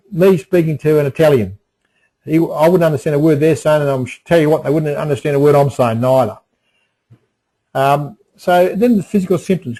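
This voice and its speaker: A man's voice: on the high side, warm tone, breathy edge, low-quality recording. A middle-aged man presenting a webinar in a folksy way, repeating phrases and restarting often. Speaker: webinar presenter on emotional resilience.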